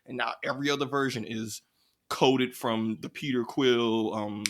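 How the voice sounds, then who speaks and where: A man co-hosting a podcast, talking in an animated, slangy way with quick riffs. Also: mid-range voice, background noise. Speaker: podcast co-host. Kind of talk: casual chat.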